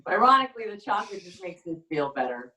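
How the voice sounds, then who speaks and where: Deadpan woman comic in an echoey room. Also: fairly low pitch. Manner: rambling, halting deadpan delivery. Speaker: stand-up comedian. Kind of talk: stand-up comedy set. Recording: echoey room, far from the mic.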